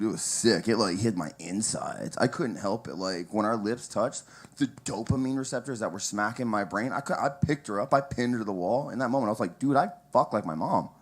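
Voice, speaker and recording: A man's voice: fairly low pitch, breathy edge. A young man doing a casual, crude stand-up set at an open mic, rambling with asides and chuckling at his own jokes.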